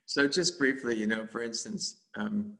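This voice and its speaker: A man's voice: lowish voice, fairly even intonation, moderate pace, creaky, bright, forceful tone. A man teaching meditation in a dharma talk, speaking in a rambling, conversational way with frequent chuckles.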